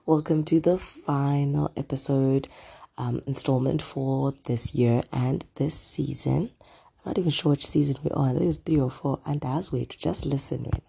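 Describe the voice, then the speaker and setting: A podcast host chatting casually on their own, hoarse from a throat illness, rambling with lots of ums and asides. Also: mid-range voice, steady tone, moderate pace, dark tone. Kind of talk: casual solo podcast chat. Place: at home.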